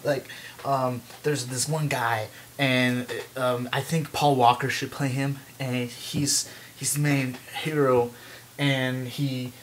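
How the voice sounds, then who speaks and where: A young man rambling through a movie pitch, full of "like" and restarts, now and then breaking into silly voices. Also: flat delivery, takes it slowly, slight background noise. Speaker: vlogger pitching a movie idea. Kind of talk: rambling comic monologue.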